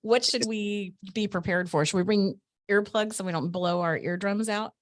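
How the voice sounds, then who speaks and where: A woman's voice: medium pitch, steady tone, normal speed. A woman co-hosting a podcast interview, chatting casually and enthusiastically. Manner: enthusiastic, laughs often. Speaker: podcast co-host.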